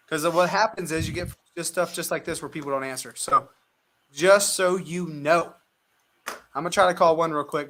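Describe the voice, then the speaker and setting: Bright, upbeat man coaching cold calls. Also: a little high. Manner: upbeat, chatty, sympathetic with callers. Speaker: real estate investor and show host. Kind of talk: casual coaching while making live phone calls.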